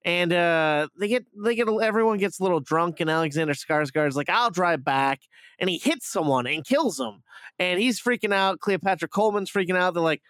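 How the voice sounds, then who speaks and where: A man's voice: high-pitched, fairly quick, a bit bright, dry recording. A man casually retelling a movie plot on a review podcast, rambling with lots of fillers and swearing. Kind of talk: casual chat.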